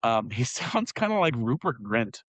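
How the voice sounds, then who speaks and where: A man's voice: medium pitch, sing-song, moderate pace, fairly bright tone, no room sound, low-quality recording. A man co-hosting a podcast, chatting casually and rambling with many fillers and laughs. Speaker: podcast co-host. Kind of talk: casual chat.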